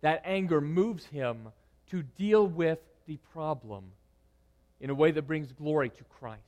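A man preaching a sermon, moving between loud, emphatic lines and hushed, quiet ones. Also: fairly high pitch, expressive, measured pace. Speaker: pastor.

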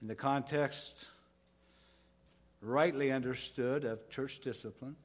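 A male pastor preaching a sermon, dropping to soft low phrases and rising to loud emphatic ones. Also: fairly even intonation, slow.

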